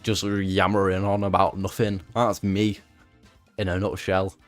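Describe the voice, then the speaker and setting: A man's voice: deep voice, little pitch movement, measured pace, soft background music. A young man rambling casually to chat while streaming a game, self-mocking and prone to voice cracks. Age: young adult.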